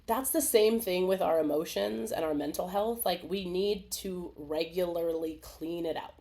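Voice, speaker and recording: A woman hosting a live video webinar in a casual, animated way, laughing often and acting out small voices. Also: lowish voice, normal speed. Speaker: webinar host. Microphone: video call.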